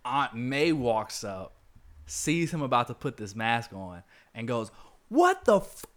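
A man with a mid-range, fairly bright voice hosts a podcast, speaking a little slowly with lively intonation. He rambles through a movie scene by scene, packing his retelling with fillers and acting out quoted lines.

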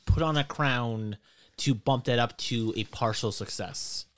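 A man running a tabletop role-playing game as game master, explaining the rules in a relaxed way with fillers. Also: mid-range voice, measured pace.

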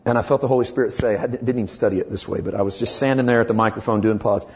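A man's voice: lowish voice, rapid-fire, lo-fi sound. A man preaching a sermon as pastor, emphatic and impassioned, building in intensity as he presses his points.

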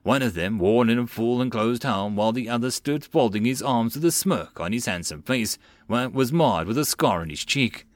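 A man narrating a web novel audiobook in a lively storytelling manner. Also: medium pitch, normal speed, hardly any pauses, dry recording.

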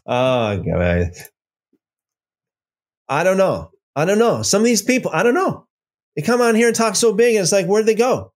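A man's voice: sits high, very animated, moderate pace, pauses often. Man taunting an absent rival on stream. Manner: taunting, rambling, repeats himself. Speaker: livestream host. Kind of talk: casual livestream talk.

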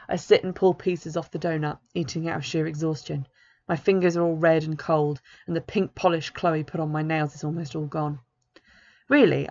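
A woman author reading her own novel aloud in the first person, in a plain and understated way. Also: low voice. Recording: dull lo-fi recording.

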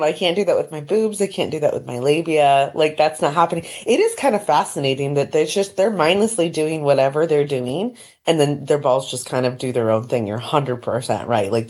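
Low-voiced woman podcast co-host. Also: moderate pace, darkish tone. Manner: frank, laughs often. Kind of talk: candid casual chat.

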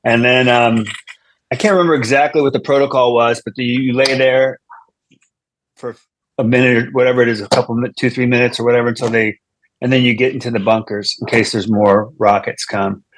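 A man's voice: medium pitch, steady tone, fairly quick, no room sound. A man, a comedian guest, telling a long story in casual chat, rambling with restarts and asides.

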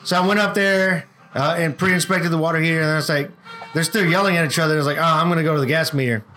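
A man's voice: on the high side, steady tone, fast talker, bright, forceful tone, soft background music. A man co-hosting a casual podcast, telling a work story with lots of swearing and acted-out quotes. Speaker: podcast co-host.

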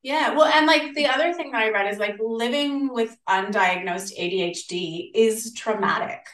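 An Australian woman chatting as a podcast guest, animated and acting out the voices of people she quotes. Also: on the high side, normal speed. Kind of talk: casual interview chat. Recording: roomy, distant from the mic.

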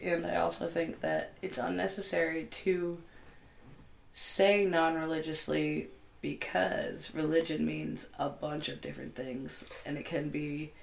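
Co-host, woman, low and gravelly, rambly and jokey; roomy recording. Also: little pitch movement, unhurried. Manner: rambling, laughing, breaks into silly voices. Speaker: podcast co-host. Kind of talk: casual chat. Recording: echoey room, faint noise.

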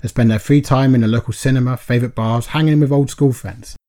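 A young man with a warm, dark voice co-hosts a podcast. He reads a story pitch in a laid-back way, laughing and saying mate often. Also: fast talker. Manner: laughs often, says mate a lot, relaxed. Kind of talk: casual chat and reading a story pitch.

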